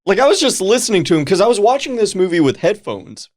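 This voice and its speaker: Animated, swearing podcast co-host. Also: mid-range voice, fast talker. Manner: profane, laughing, animated banter. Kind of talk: casual chat.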